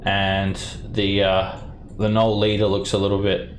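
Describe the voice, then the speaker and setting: A man narrating as dungeon master of a tabletop game, in a relaxed, hesitant way with many fillers. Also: lowish voice, measured pace, a little hiss or hum. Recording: echoey room with faint music.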